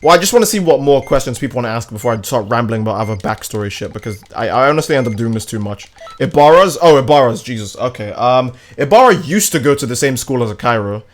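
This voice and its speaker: A man's voice: mid-range voice, animated, fast. A young man streaming a game, chatting casually in a rambling, crude, joking way. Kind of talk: casual livestream chat while gaming.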